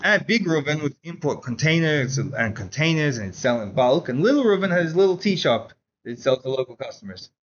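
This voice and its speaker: A man teaching a Chassidus class in a casual, animated storytelling way, saying "like" often. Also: on the high side, brisk, dull audio. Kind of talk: Torah class lecture with storytelling.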